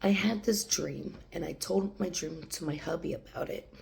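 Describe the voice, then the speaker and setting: A woman's voice: fairly low pitch, moderate pace, creaky, a little mellow. A woman talking to camera in a rambling casual monologue, laughing often and sometimes dropping to a whisper. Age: adult, has a young daughter. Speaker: channeler.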